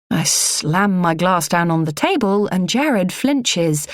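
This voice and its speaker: A woman reading a first-person audiobook in a measured, low-key delivery. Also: dry recording, clean studio sound. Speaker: audiobook narrator.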